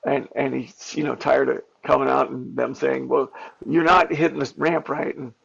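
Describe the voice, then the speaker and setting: A man, a stuntman and actor, telling candid behind-the-scenes stories in an interview, animated and full of fillers and restarts. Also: mid-range voice, moderate pace, vocal fry, husky. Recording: dull lo-fi audio.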